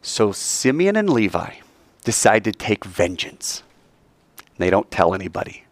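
A male teacher telling a Bible story to a class in an animated, digressive way, acting out the characters. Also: lowish voice, unhurried, no room sound.

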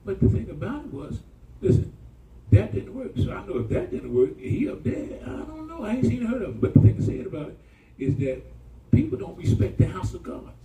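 A male pastor preaching a sermon, telling stories in a colloquial, animated way and calling out to the congregation. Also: sits high, a little fast, hardly any pauses, a little hiss or hum. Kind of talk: sermon storytelling. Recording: echoey room from far off.

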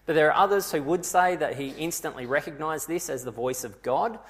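A man's voice: a little high, brisk. A man preaching a sermon, retelling scripture vividly and asking his listeners rhetorical questions.

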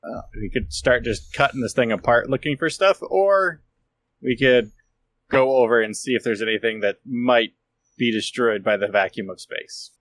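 A man's voice: medium pitch, normal speed. Inquisitive male tabletop player. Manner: inquisitive, thinks aloud. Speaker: player, ship captain. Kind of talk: casual tabletop game play.

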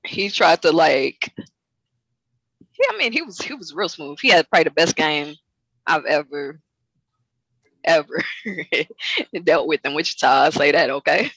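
Laughing woman guest, bright dry voice. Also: low-pitched, a little slow, pauses often, breathy edge, no room sound, low-quality recording. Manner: laughs often, animated, colloquial. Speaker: guest, fitness coach. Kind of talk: casual chat.

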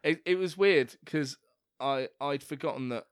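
A man chatting casually as a podcast co-host, laughing often and breaking into loud put-on voices. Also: fairly high pitch, unhurried, smooth, no echo, clean studio sound. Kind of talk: casual chat.

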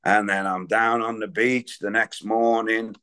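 Deep-voiced man giving a candid share. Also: steady tone, a little slow, pushed and bright, clear, resonant tone. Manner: candid and rambling, talks with his hands. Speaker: speaker at a recovery meeting. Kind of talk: personal recovery share.

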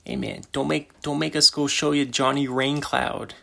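A man's voice: medium pitch, steady tone, normal speed, vocal fry, fairly bright tone, voice pushed up. A man putting on the voice of a boastful Italian-American mobster, swaggering and repeating himself in street grammar. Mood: menacing. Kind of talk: improvised comic impression.

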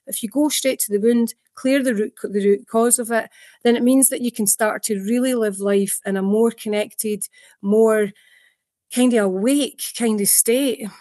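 A woman's voice: a little high, measured pace, dry recording, clean studio sound. A woman therapist who explains at length in an interview, telling stories and acting out quotes. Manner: animated storytelling, acts out quotes, many restarts. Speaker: trauma therapist.

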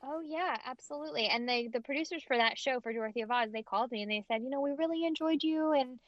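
A woman voice actress giving emphatic, expressive interview answers, often restarting her sentences. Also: high voice, quick pace, no echo. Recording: slightly dull, dry audio.

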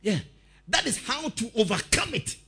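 A male preacher giving a lively sermon, telling stories, shouting out quotes and laughing as he goes. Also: very high-pitched, normal speed, husky.

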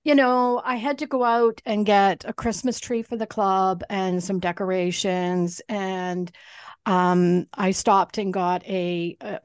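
A woman's voice: medium pitch, fairly even intonation, slow pace, clean tone, no echo, clean studio sound. A woman co-hosting a podcast, telling a story in casual chat, swearing and mimicking the people in it. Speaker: podcast co-host.

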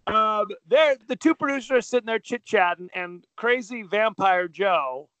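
A man's voice: high-pitched, expressive, moderate pace, pushed and bright, no room sound. A man co-hosting a podcast in casual chat, joking and rambling with a self-deprecating manner. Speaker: podcast co-host.

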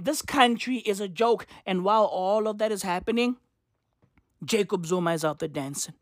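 A man's voice: sits high, normal speed, no room sound, studio quality. A man with a South African accent giving a profane, exasperated comedic rant full of slang. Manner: animated, exasperated, slangy, frequent laughter. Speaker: comedic commentator.

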